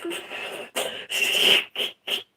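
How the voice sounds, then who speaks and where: Slow-talking young woman streaming in pain. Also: heavy background noise. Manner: rambling, laughing through pain, groaning. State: in pain, tearful. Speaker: livestreamer. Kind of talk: casual live stream chat.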